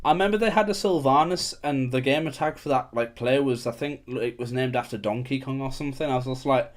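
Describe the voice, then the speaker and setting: A young man rambling through old gaming stories on a podcast. He leans on fillers and breaks into laughter often. His voice sits at an ordinary middle pitch. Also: fairly quick, hardly any pauses. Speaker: podcast co-host. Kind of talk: casual gaming chat.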